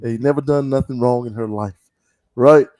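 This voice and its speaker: A man's voice: medium pitch, moderate pace, warm tone, no room sound. Chatty male podcast host from the South. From Southern United States. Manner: chatty, rambling, with many asides. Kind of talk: casual podcast chat.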